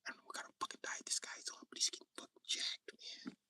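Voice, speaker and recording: A man's voice: fast, no room sound, recorded from a distance. A man in whispered role-play, voicing a timid, nervous man who gossips in fear about someone he owes money. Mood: gossiping. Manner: hushed, jittery, rambling.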